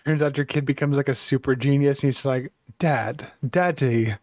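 A man's voice: mid-range voice, level tone, fast talker, warm tone, no echo. A man co-hosting a casual podcast, dropping teasing jokes and trivia into the banter. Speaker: podcast co-host. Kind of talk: casual chat.

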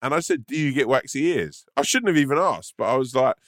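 A man's voice: mid-range voice, expressive, fast talker, a bit bright, no echo, clean studio sound. A man, chatting casually on a podcast, rambling and laughing often. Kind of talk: casual banter.

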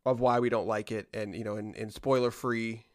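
A man's voice: lowish voice, level tone, normal speed. Rambling man hosting a casual podcast. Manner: rambling, with frequent restarts and trailing-off asides. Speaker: podcast host.

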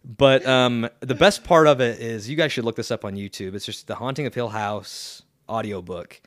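A young man co-hosting a podcast, chatting casually in a rambling, halting way with lots of fillers and restarts. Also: mid-range voice, no echo. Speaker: podcast co-host. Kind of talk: casual chat.

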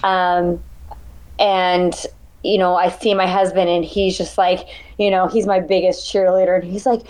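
A woman ultrarunner, a guest in an interview, telling her race story in an animated, emotional way. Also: medium pitch, moderate pace. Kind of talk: conversational interview.

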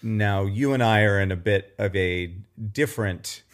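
A man's voice: fairly low pitch, measured pace. A man co-hosting a casual podcast chat, making dry, laid-back remarks. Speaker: podcast co-host.

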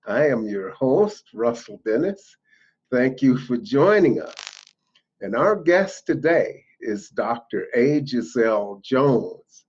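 A man hosts a podcast interview at an unhurried pace. His voice is slightly husky. The recording sounds dull and lo-fi. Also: medium pitch. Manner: slow, deliberate delivery. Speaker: podcast host. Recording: dull lo-fi audio.

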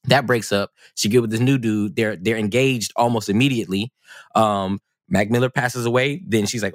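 A man with a slightly low voice talks through a casual podcast conversation. He is animated and rambling, full of restarts and fillers, and his voice sits dry and close to the mic. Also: moderate pace, no room sound. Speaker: podcast co-host.

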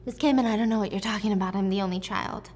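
A woman's voice: medium pitch, fairly even intonation, very fast, a little mellow, slight background noise, lightly acted. Woman playing a frightened young woman pleading. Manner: anxious, pleading questions.

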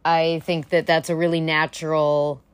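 A young woman hosting a casual solo podcast, gossipy and animated, swearing freely as she chats. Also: deep voice, normal speed, clear, resonant tone, dry recording. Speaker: podcast host.

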